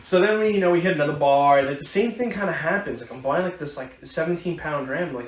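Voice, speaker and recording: A man's voice: fairly high pitch, expressive, quick pace, hardly any pauses. An American man, a podcast co-host, telling a long story in a rambling way, with many restarts and fillers. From United States. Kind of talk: casual chat. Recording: echoey room, faint hiss.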